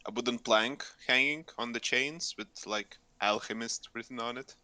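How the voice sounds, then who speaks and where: A man's voice: medium pitch, normal speed, pushed and bright. A man narrating a tabletop game as game master, hesitant with fillers while describing scenes.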